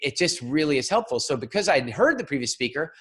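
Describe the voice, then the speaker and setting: Man in his keynote voice, fairly high-pitched, lively storyteller who acts out characters; speaker for a stage talk. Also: quick pace, breathy edge. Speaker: public speaking coach.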